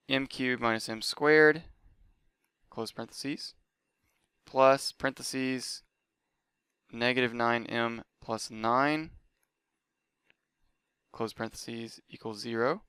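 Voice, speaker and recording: A man's voice: medium pitch, unhurried, long pauses, bright, forceful tone, smooth, no room sound. A man teaching a math lesson, talking methodically through each step aloud. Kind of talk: lecture.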